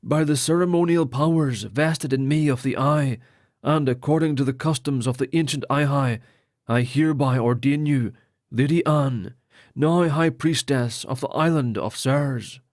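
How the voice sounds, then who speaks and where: A man's voice: mid-range voice, unhurried, darkish tone, dry recording, clean studio sound, close to an everyday voice. A man as a solemn ceremonial lord. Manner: formal ceremonial speech. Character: solemn male lord ordaining priests.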